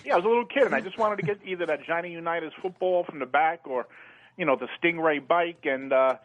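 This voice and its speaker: Male caller, rambling storyteller, higher voice, tinny phone line. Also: fast talker. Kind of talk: casual call-in chat.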